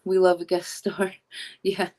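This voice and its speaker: A woman's voice: on the low side, monotone, slow, dark tone. A young woman casually chatting with a guest on a live stream, reading chat aloud and laughing easily. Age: young adult.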